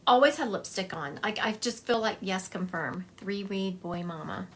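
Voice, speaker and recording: A woman's voice: medium pitch, moderate pace, a bit bright, a little hiss or hum. A woman giving a psychic medium reading on a live stream, talking in a chatty, confiding way and thinking aloud as she goes.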